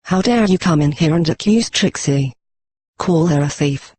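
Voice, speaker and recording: A woman's voice: sits low, expressive, normal speed, darkish tone, husky, dry recording. A text-to-speech male voice reading the lines of a proud, boastful female unicorn pony magician who speaks of herself in the third person. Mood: furious. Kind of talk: synthetic fanfic reading.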